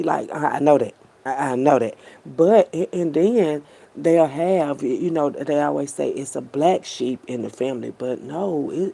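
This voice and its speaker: Addressing her viewers directly, a woman vlogger gives a heartfelt, unscripted monologue full of repetition, heavy slang and profanity. Her voice is low, mellow and husky, with vocal fry.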